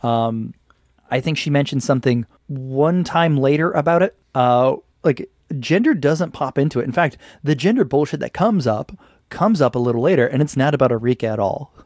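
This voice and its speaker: A man's voice: mid-range voice, expressive, moderate pace, darkish tone, no echo. Chatty man with a dry close sound. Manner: loose and chatty, retelling scenes with some swearing. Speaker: podcast co-host reviewing an anime. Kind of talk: casual conversation.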